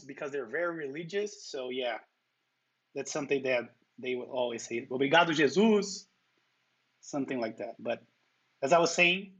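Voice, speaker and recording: A man's voice: on the high side, a bit bright, dull audio. A man from Brazil with a heavy Brazilian Portuguese accent, hosting a livestream and chatting casually, answering viewers' comments. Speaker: livestream host.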